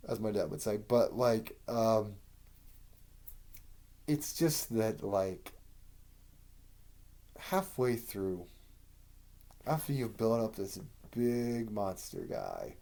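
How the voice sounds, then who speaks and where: A man talks through a casual review in a warm, dark-toned voice. He rambles, swears often and leans on fillers as he works through his opinions. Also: fairly low pitch. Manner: rambling, profane, conversational with many fillers. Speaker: video creator ranking TV seasons.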